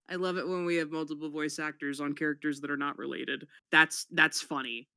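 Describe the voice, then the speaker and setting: A guest on a casual chat who talks in an excitable, animated way and laughs often. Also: mid-range voice, brisk, few pauses, clean tone, dry recording.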